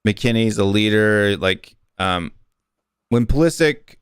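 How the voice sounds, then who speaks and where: Smooth low-voiced American man. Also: animated, slow pace, no room sound, clean studio sound. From United States. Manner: explains at length with fillers and restarts. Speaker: guest football YouTuber. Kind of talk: casual interview chat.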